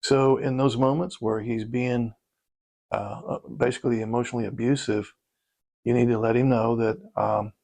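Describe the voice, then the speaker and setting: A man's voice: medium pitch, level tone, moderate pace, creaky, warm tone. A man, a relationship coach, talking casually to camera and walking listeners through practice scripts. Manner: instructive, leads listeners through repeat-after-me scripts.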